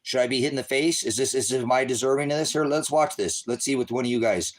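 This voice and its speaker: A man's voice: medium pitch, fast talker. A middle-aged man ranting on a livestream in a confrontational, sarcastic, preachy way, trading insults with viewers and calling them brothers and sisters. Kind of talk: heated livestream rant to viewers.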